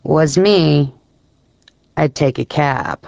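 A man's voice: a little high, extremely slow, creaky, a little mellow, no echo, highs cut off, heavily acted. A man voicing a blunt male city bus driver who gives curt, matter-of-fact directions.

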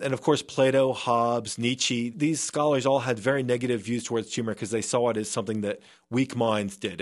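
A man speaking as a scientist guest in a remote radio interview. He explains earnestly and often restarts his sentences. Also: medium pitch. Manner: earnest, with frequent restarts and fillers.

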